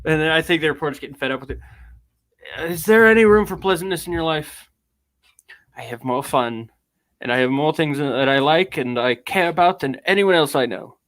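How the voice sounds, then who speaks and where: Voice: mid-range voice, a little fast, a bit bright, no room sound, natural voice. A streamer putting on an affected British accent to read out an anguished man's confession with theatrical grandeur. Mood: brooding. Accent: put-on British. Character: grandiose anguished man reading his own confession. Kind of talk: dramatic reading of a text.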